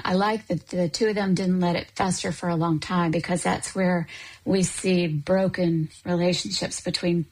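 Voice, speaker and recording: Earnest low-voiced woman counselor. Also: poor audio. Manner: earnest and thoughtful, with soft fillers. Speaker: counselor and coach. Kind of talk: talk show guest commentary.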